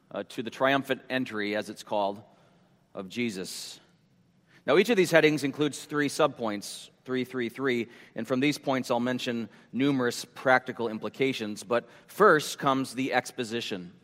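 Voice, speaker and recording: A male pastor preaching a sermon slowly and deliberately, repeating his headings for emphasis. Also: mid-range voice, fairly bright tone. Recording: long hall reverb.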